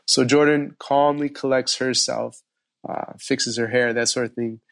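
Brief: male podcast host, mid-pitched, lively storyteller, casual chat. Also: normal speed, gravelly. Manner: animated storyteller, frequent fillers.

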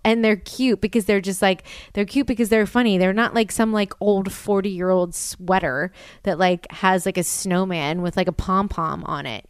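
A young woman hosting a podcast in casual chat, talking fast with lots of "like" fillers. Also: mid-range voice, smooth, no echo, studio quality. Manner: chatty, filler-heavy with lots of "like". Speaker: podcast host.

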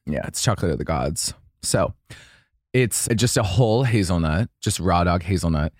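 A young man with a deep voice chats casually as a podcast co-host, rambling through stories and laughing often. His pitch swings widely as he talks. The sound is close and dry. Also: animated, normal speed, darkish tone, no echo. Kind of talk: casual chat.

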